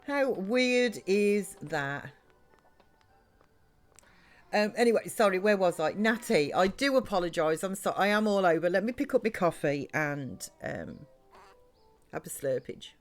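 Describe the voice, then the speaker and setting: A woman's voice: on the low side, lively intonation, normal speed, soft background music. Rambling woman streaming a game. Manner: chatty, rambling, talks to chat and game characters. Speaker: live streamer. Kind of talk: live-stream gameplay chat.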